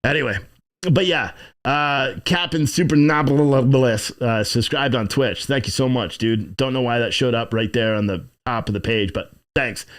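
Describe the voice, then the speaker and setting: A man's voice: medium pitch, normal speed. A man hosting a casual livestream from inside his shop, rambling and swearing as he reads chat comments and plugs his business. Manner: rambling, profane, plugging his own business. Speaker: livestream show host.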